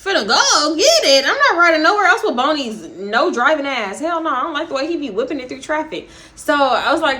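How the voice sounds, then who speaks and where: A young woman telling a wild story on her vlog, high-pitched and bright. She is profane and animated, with frequent laughter. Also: a little fast. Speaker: vlogger, storytime host.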